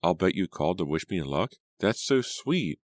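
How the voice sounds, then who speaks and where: A man's voice: low-pitched, very animated, moderate pace, dry recording, clean studio sound. A man voicing a spoiled, scheming teenage girl who gushes sweetly and snaps sarcastically. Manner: gushing, sarcastic, sharp-tongued.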